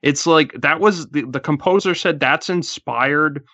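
A man co-hosting a podcast, talking through a film in an animated, casual way with lots of filler words. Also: a little high, unhurried, no room sound, highs cut off. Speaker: podcast co-host.

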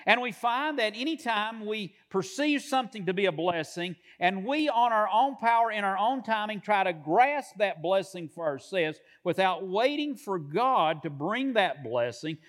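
A man with a notably high voice preaches to his congregation. He speaks in measured phrases and stretches out the words he wants to land. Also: fairly bright tone. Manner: measured preaching with drawn-out emphasis. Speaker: pastor. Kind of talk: sermon.

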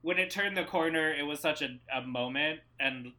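A man on a podcast as a guest, rambling eagerly with many fillers. His voice is bright and a little higher than most men's. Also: normal speed. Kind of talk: casual chat.

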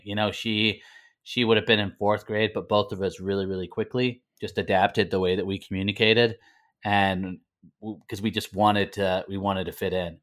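A man's voice: on the low side, fairly bright tone. A man from the north of England, now speaking with an American accent, telling his story as an interview guest with many fillers and restarts. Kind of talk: conversational interview.

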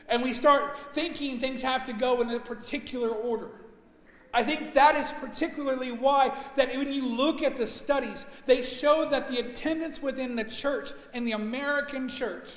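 Brief: man, pastor, very high voice, animated storyteller, church hall reverb. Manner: animated storytelling, rising to loud emphasis. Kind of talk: sermon. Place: church sanctuary.

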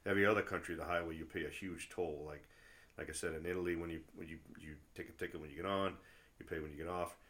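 A man's voice: low-pitched, steady tone, fast talker. A middle-aged man chatting casually as a travel vlogger, rambling through stories with lots of fillers and restarts and getting worked up when he rants. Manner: gets loud and worked up when ranting. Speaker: travel vlogger and tour guide. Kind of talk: casual chat.

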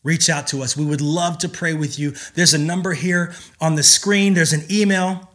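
Male pastor, slightly high, bright voice; earnest emphatic sermon delivery with pauses. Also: steady tone.

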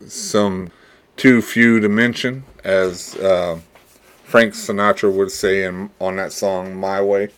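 A man hosts his own podcast in a deep, low register. He muses in an earnest, fatherly way, trailing off and repeating words as he gathers his thoughts. He takes his time over each phrase. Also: steady tone, clear, resonant tone. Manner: reflective, rambling, with pauses and repeated words; earnest and fatherly, closing with blessings. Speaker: podcast host. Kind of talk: casual solo podcast monologue.

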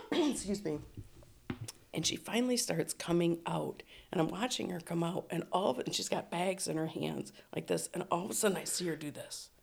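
A middle-aged woman with a low, gravelly, husky voice tells a long personal story at a moderate pace in casual chat. As a storytelling guest, she laughs often, swears freely, and acts out other people's voices in quotes.

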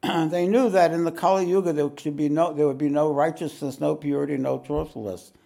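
A spiritual teacher tells a tale to a meditation audience, rambling, clearing his throat often and filling gaps with "uh." His voice is mellow and dark with a gravelly rasp, a little high and fairly even in intonation, and he speaks briskly.

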